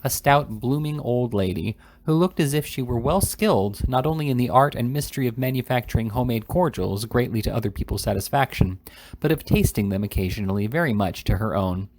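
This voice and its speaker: A man narrating a classic novel as an amateur audiobook reader, steady with small stumbles. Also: mid-range voice, fairly quick.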